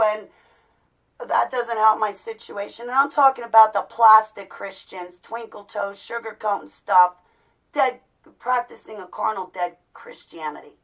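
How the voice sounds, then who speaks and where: A middle-aged woman with a somewhat high voice vents in a raw personal monologue. She rises into loud outbursts and then sinks into low murmurs. She sits a little back from the mic, so the sound is slightly distant. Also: fairly even intonation, moderate pace. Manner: agitated, ranting, swings between loud outbursts and low murmurs. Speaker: vlogger.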